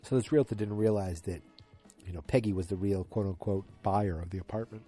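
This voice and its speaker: Sleepy and yawning at home in front of the TV, a podcast host casually rambles through a recap of a TV episode, chatty and full of asides. His voice sits on the low side with a warm tone, moving a little fast over soft background music.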